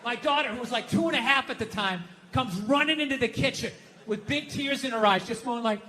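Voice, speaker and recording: American guy doing standup, really high voice, swears a lot, faint background hum. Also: brisk, sharp tone. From United States. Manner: profane, exasperated, self-mocking ranting. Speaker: stand-up comedian. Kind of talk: stand-up comedy routine.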